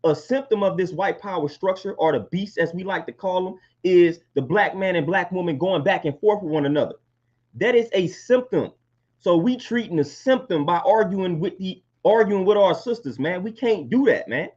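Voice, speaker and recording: A man's voice: high-pitched, normal speed, a little mellow. A man, hosting a live stream and delivering an impassioned monologue, repeating phrases for emphasis. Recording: dull lo-fi stream audio.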